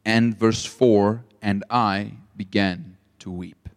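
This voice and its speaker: A man preaching a sermon, asking the audience questions and retelling scripture as lively stories. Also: fairly low pitch, slow. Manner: asks the audience rhetorical questions; animated storytelling with acted-out quotes. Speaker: pastor.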